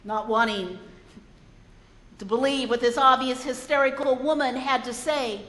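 High-pitched and a bit bright, this woman preaches at a measured pace in an echoey hall. Retelling a story during her sermon, she sounds earnest and reflective, frequently repeating words.

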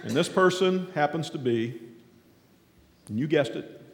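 Animated male preacher in an echoey hall. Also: fairly high pitch, a little hiss or hum. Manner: animated, shouts the characters' cries in a raised voice; halting, with many fillers. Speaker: guest speaker at a church. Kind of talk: folksy sermon storytelling. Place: large echoing church hall. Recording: echoey hall with long reverb.

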